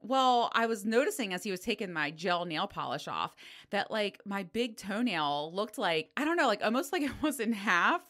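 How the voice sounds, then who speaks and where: A middle-aged woman hosts her own podcast and talks through her week in a loose, foul-mouthed way. Her pitch swoops widely as she tells a story, and her voice has a bright, sharp edge. She laughs a lot between lines. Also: normal speed. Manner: animated and profane, laughs often. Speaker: podcast host. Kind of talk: casual solo podcast storytelling.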